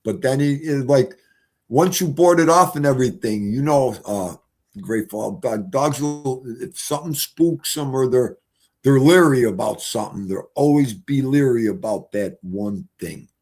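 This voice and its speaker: A man's voice: medium pitch, lively intonation, moderate pace, a little mellow. A man, live-streaming and chatting casually in a rambling, folksy storytelling way.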